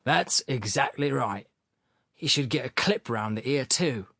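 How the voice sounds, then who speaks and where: A humble, deferential porter, polite and apologetic but emphatic when he agrees, as a male narrator plays him. His voice moves lively through its range. Dry, close audiobook sound. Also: mid-range voice, measured pace, vocal fry, no echo, exaggerated voice.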